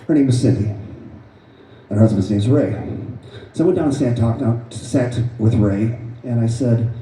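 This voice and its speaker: A man addresses a live audience at an event, telling a personal story in an earnest, emphatic way. His voice is deeply mellow and dark. It is caught from far off the microphone, with the echo of a large room around it. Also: a little slow. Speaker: author presenting his book. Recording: roomy echo, voice far from mic.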